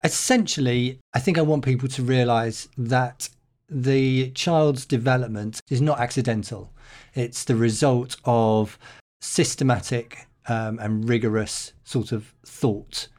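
A middle-aged man, a headteacher, answering podcast interview questions in a thoughtful, measured way with frequent ums and restarts. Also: medium pitch, fairly even intonation, a little mellow.

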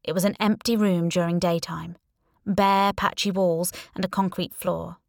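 A woman reading a first-person audiobook in an expressive, wry and playful way. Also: fairly low pitch, moderate pace, creaky, dry recording, studio quality. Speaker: audiobook narrator.

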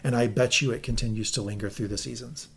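A man co-hosting a podcast, recapping an episode in an animated, profane way and quoting lines of dialogue. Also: medium pitch, quick pace, creaky. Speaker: podcast co-host.

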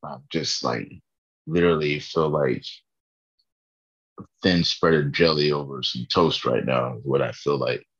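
A man's voice: very deep voice, measured pace, long pauses, a bit bright, slightly rough, dull audio. A tired man in a casual faith vlog, earnestly rambling about his morning prayer from his bedroom. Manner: earnest, rambling, laughs at himself.

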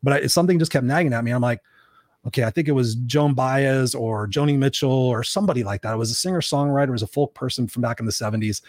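A man's voice: medium pitch, quick pace, darkish tone, no echo, studio quality. A man hosting a podcast, telling a candid, emotional personal story with lots of restarts. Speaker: podcast host. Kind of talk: personal storytelling in casual talk.

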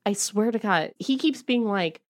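A woman's voice: medium pitch, lively intonation, normal speed, dry recording, clean studio sound. A woman co-hosting a comedic book-club chat, reading passages aloud with sarcastic, giggly mock melodrama. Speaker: podcast co-host.

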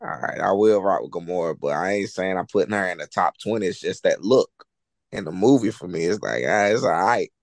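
A man's voice: low-pitched, a little fast, dry recording. A man from North Carolina with a North Carolina accent, co-hosting a casual film podcast, blunt and crude and laughing a lot. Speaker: podcast co-host. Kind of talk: casual chat.

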